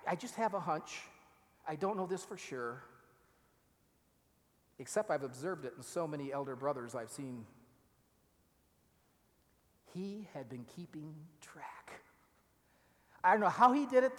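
Man, preacher, sermon, high-pitched, animated delivery, echoing church hall. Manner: animated, acts out quoted lines, drops to near-whisper for emphasis. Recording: long reverb of a large hall.

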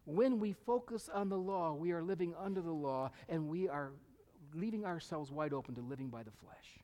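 Middle-aged male pastor, slightly high-pitched, emphatic sermon delivery with whispered asides, recorded in a reverberant church hall. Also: lively intonation, normal speed, mellow. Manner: emphatic, repeats key phrases, drops to a whisper at times.

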